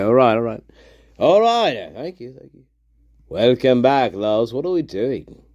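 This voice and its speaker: A man hosts his own livestream and rambles in a loose, profane way, laughing as he goes. He talks slowly, and his pitch swings widely. The sound is dry and close, with no room echo. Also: a little mellow, highs cut off. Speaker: host of a one-man show. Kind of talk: casual livestream chat.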